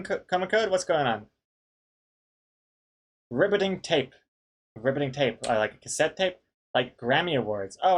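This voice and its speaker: A man's voice: on the high side, slightly rough. A man hosting a casual live stream, reading out viewer pun suggestions in a jokey way and laughing often. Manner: jokey, reads names aloud, laughs often.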